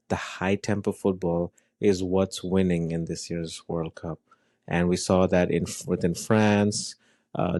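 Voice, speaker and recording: A man co-hosting a football podcast, talking in an animated, rambling way with many fillers and restarts. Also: low voice, dry recording. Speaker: podcast co-host. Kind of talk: casual football chat.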